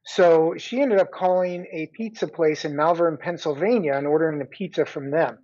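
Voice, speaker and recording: A middle-aged man, a guest, telling a long story in a relaxed chat with frequent restarts. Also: fairly high pitch, normal speed. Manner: chatty, many restarts and laughing asides. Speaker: guest runner. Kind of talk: casual storytelling. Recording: dull lo-fi sound.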